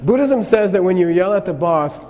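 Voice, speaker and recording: High-voiced man teaching in a hall. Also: lively intonation, fairly quick, dark tone. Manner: conversational, keeps checking in with "okay?". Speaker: Buddhist teacher. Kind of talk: lecture on karma. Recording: long reverb, faint noise.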